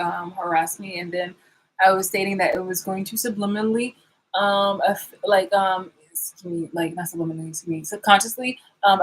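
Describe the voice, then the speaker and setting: Husky-voiced woman ranting sarcastically. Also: medium pitch, poor audio. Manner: rambling, sarcastic, swearing, with frequent restarts. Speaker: vlogger. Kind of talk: confrontational vlog rant.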